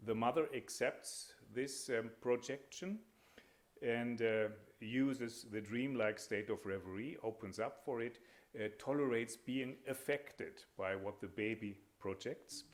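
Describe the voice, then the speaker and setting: A man with a somewhat low-pitched voice delivers an academic lecture as a panel speaker. He talks in a measured, hesitant way, pausing often and filling the gaps as he builds each point. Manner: measured, hesitant, with frequent pauses and fillers.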